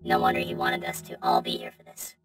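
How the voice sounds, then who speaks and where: A man voicing a calm, earnest android through an android voice-changer filter, with a gravelly, synthetic sound. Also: fairly quick. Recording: distant, with game music behind.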